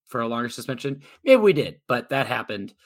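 A man's voice: mid-range voice, fairly quick. A man co-hosting a sports podcast, talking casually with lots of fillers and jokes. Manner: relaxed, filler-heavy, joking. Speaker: podcast co-host.

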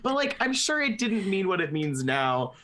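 A young woman chatting casually about a book with friends, laughing often and talking animatedly. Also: moderate pace. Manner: animated, laughs often, dramatic swings in pitch. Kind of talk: casual book-club chat.

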